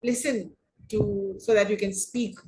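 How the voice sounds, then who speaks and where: A woman teaching an online English class on debating, speaking deliberately and often rephrasing her points. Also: medium pitch, fairly even intonation, darkish tone, slight background noise, rough recording. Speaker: English lecturer.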